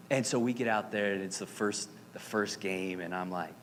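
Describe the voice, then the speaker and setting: Male pastor, sermon, animated, dramatic, playful asides, long reverb, slight background noise. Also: on the low side, a little fast, hardly any pauses. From Arizona. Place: church sanctuary. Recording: reverberant hall with faint noise.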